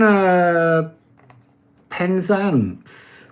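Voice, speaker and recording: A man's voice: on the high side, expressive, a little slow, darkish tone. A man giving oracle card readings in a casual live-stream chat, talking easily, answering viewers' comments and laughing often.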